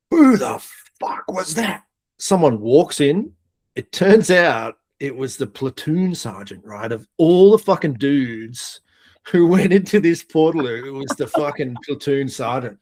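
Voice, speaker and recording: A middle-aged man from Australia tells an animated story, peppered with swearing and laughter. His voice sits at an ordinary middle pitch. He talks casually as a podcast guest. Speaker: podcast guest, air force veteran.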